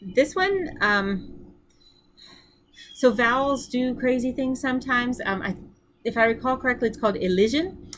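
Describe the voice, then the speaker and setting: A woman's voice: on the high side, expressive, a little slow, pauses often, a bit bright. Upbeat woman teaching a language lesson. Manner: upbeat, encouraging, thinks aloud with fillers. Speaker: Greek teacher. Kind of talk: recorded language lesson with drills.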